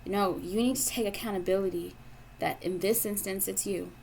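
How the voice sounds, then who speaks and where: A woman's voice: mid-range voice, fairly even intonation, moderate pace, gravelly, darkish tone, a little hiss or hum. A woman giving a tarot reading to her audience, talking bluntly and with lots of profanity, repeating her points for emphasis. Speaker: tarot reader.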